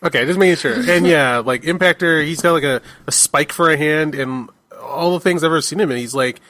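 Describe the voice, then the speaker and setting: A man with a fairly high voice talking in a relaxed, casual way as he hosts a podcast, now and then stumbling over his words. The recording is dry and close. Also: a little fast, dry recording. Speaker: podcast host. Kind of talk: casual chat.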